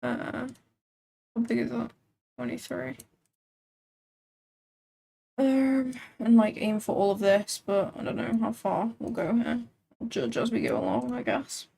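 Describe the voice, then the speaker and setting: Chatty woman with a gravelly voice. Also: a little high, animated, measured pace, long pauses, mellow. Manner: chatty, frequent "like" fillers, thinking aloud. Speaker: livestream trading host. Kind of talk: casual live commentary.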